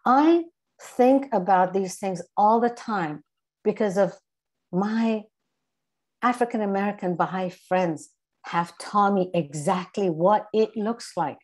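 A woman's voice: mid-range voice, slow, a little mellow. A middle-aged woman from Iran with an English accent, speaking as a guest in an earnest, emphatic way and repeating her key phrases. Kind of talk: earnest spoken reflection.

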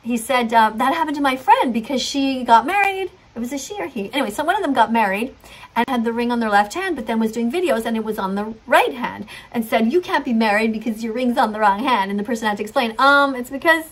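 A woman's voice: a little high, lively intonation, quick pace. A middle-aged woman earnestly telling a rambling story, acting out what others said. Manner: rambling, earnest, acts out quotes. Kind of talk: storytelling monologue.

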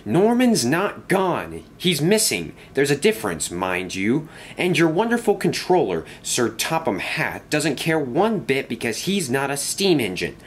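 A man's voice: mid-range voice, very animated, normal speed, slight background noise, lightly acted. A man voicing a smug, menacing male diesel engine who talks in a sneering, theatrical way. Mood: angry.

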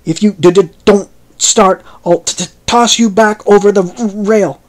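A young sailor with a heavy stutter, as a man acts him out, bursting out hot and resentful. His voice sits high and rings loud. The story is read aloud like an audiobook. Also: normal speed, natural voice. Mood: angry. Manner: resentful, hot-tempered outbursts.

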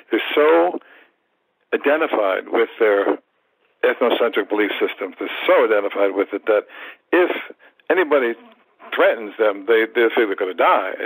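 A man in his seventies, a martial arts teacher, telling stories in an animated way in a podcast interview. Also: on the low side, slightly rough, no echo, poor audio. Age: 70s. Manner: animated storyteller, acts out quoted thoughts, repeats words.

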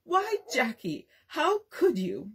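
A woman voicing a gentle mother in a storybook, speaking softly and with dismay. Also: low voice, lively intonation, normal speed. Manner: soft, dismayed. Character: gentle, mortified mother of twelve.

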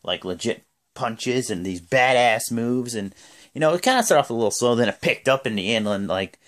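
A man's voice: medium pitch, expressive, moderate pace. A man giving a casual, rambling spoken recap, full of fillers. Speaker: wrestling show recapper.

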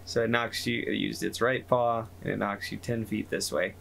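A man running a tabletop game as game master, narrating in a relaxed, meandering way. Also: fairly low pitch, normal speed, creaky, a little hiss or hum.

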